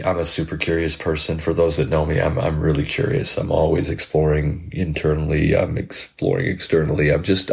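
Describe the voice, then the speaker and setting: Man, very low voice, gravelly, middle-aged, halting heartfelt reflection, repeats words. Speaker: podcast host and life coach. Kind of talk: personal reflective monologue.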